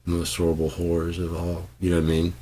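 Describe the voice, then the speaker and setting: A man from Michigan telling rambling, profane stories in a casual, animated way. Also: low voice, fast, husky. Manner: profane, animated, bursts into loud yells. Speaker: channel host.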